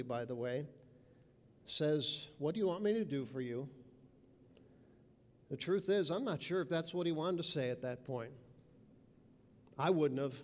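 A man preaching a sermon with emphasis, mimicking people's voices. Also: on the high side. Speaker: pastor. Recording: reverberant hall.

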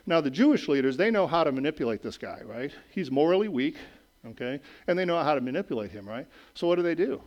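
A middle-aged man preaches with a slightly higher voice than most men, keeping it conversational and often checking in with his listeners. He builds up to raised, emphatic points, then drops to low, quiet asides. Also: sing-song, quick pace, highs cut off. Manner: conversational preaching, frequent "okay?" and "right?" checks. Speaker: pastor. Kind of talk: sermon.

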